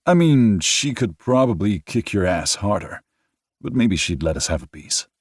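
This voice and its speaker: A man's voice: on the low side, sing-song, normal speed, no room sound, clean studio sound, voice pushed up. A man voicing a blunt, protective grown man with a teasing way of talking.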